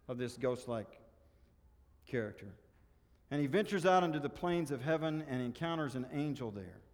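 Man, preacher, sermon, earnest, exhorting, medium pitch, long church reverb. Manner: earnest, exhorting, dropping softer on key points. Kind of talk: sermon with story reading.

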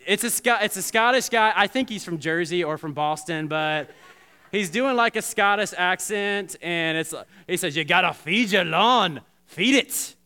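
A man preaching a sermon, talking straight to the congregation with lots of restarts and animated asides. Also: high voice, clean tone. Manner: animated, repetitive restarts, addresses congregation directly. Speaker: pastor.

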